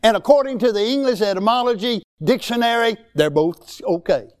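A man's voice: sits high, brisk, clean tone. A man, preaching a sermon in a folksy, emphatic way with rising exclamations. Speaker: pastor.

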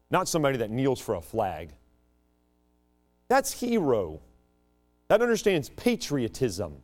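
A man from the United States giving a rambling, digressive talk to a group, in an animated voice. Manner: animated and digressive, with sudden jumps up and down in pitch. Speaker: speaker addressing a group.

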